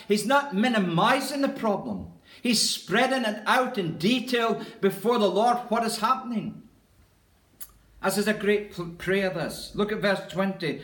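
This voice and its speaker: Man, pastor, sermon, earnest, emphatic, repeats phrases, high voice, reverberant church. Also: expressive, normal speed, a bit bright. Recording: echoey church room.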